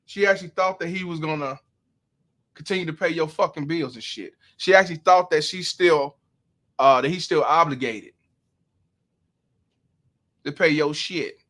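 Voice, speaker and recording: A man's voice: a little high, a bit bright. A man hosting a livestream, commenting on a clip in profane slang and reading out viewer donations. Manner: profane, drawn-out, preachy slang. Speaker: host.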